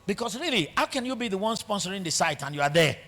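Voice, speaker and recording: In a large auditorium, a man with a Nigerian accent delivers a motivational talk as a guest speaker, his voice sitting high and moving fast. He tells his story with animation, shifting from loud to hushed and back.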